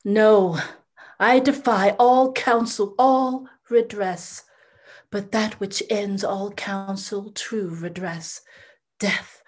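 Grieving noble mother, impassioned and desperate, slow deliberate delivery. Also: medium pitch, fairly even intonation. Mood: anguished. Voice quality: impassioned, swinging from loud cries to hushed whispers. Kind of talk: classical stage drama.

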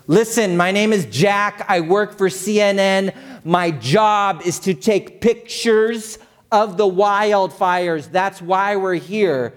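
A man's voice: medium pitch, expressive, a little fast, hardly any pauses, darkish tone, close to an everyday voice. A man voicing an irritated male news photographer in a sermon story, insistent and exasperated.

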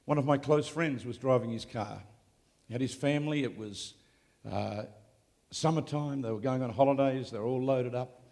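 A man preaching live to a congregation, moving between hushed storytelling and loud, shouted declarations. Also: mid-range voice, moderate pace, big-room sound. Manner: swings from quiet storytelling to shouted exclamations. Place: large hall, live event.

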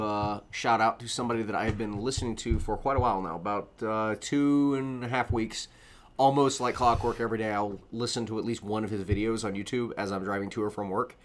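A man co-hosting a casual podcast, rambling and animated, laughing often. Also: lowish voice, slight background noise. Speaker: podcast co-host. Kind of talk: casual chat.

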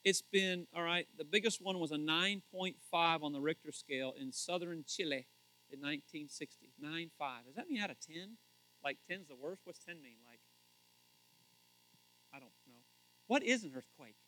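Animated high-voiced male pastor. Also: low-quality recording. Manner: animated, joking, acts out quotes with sudden loud shouts. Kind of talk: sermon.

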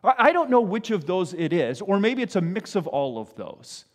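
A pastor delivers a sermon conversationally in a high, sing-song voice at a moderate pace, with a long reverb tail. He often asks "right?" and briefly acts out the voices of parents and children.

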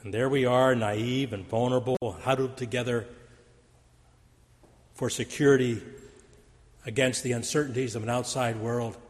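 A man preaching a sermon, telling stories in an animated storytelling manner. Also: normal speed, pauses often. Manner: storytelling with wide pitch swings. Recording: long hall reverb.

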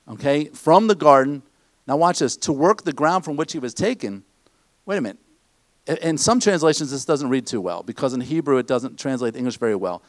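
A man's voice: fairly high pitch, dry recording. A man preaching a conversational sermon to his congregation in a church, often asking them questions. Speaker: pastor.

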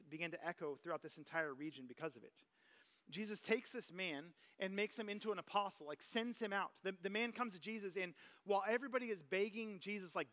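A man, a father, preaching a sermon in a casual, conversational way, telling personal stories to his congregation. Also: high-pitched. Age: adult parent. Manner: conversational, animated, personal anecdotes. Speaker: pastor.

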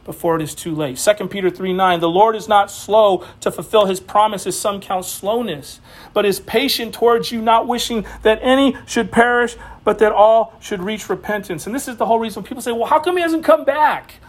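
A man's voice: high-pitched, fairly even intonation, fairly quick. A man giving a casual sermon as a Bible teacher, passionate and slangy, often laughing as he preaches.

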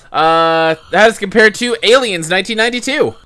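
A man's voice: high-pitched, moderate pace, few pauses, sharp tone, clean tone. A man hosting a podcast in casual chat, rambling, with loose fillers and casual swearing. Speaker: podcast host.

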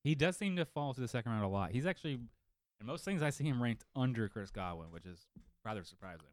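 A man co-hosting a casual fantasy football podcast, telling stories in a lively, profane way from a home studio. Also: medium pitch, fast talker, dry recording. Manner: animated, profane storytelling. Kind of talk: casual chat. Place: home studio living room.

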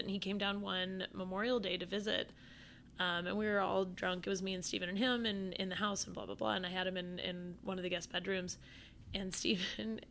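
A woman chatting as a podcast guest, swearing freely and packing her talk with fillers. Her voice is bright and forceful, with a gravelly, creaky edge. She holds a middle pitch. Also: a little hiss or hum. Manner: animated, profane, with frequent fillers. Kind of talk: casual storytelling chat.

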